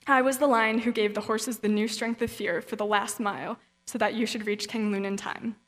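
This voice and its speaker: A woman's voice: medium pitch, steady tone, normal speed, fairly bright tone, natural voice. Solemn, majestic lion from the mist, read by a woman in a long-reverb hall. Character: mysterious lion speaking from the mist, calm and majestic.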